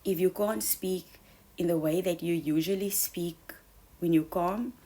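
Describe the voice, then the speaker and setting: A woman's voice: fairly low pitch, measured pace, dark tone. Earnest woman coaching listeners. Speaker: self-help speaker. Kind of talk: motivational monologue.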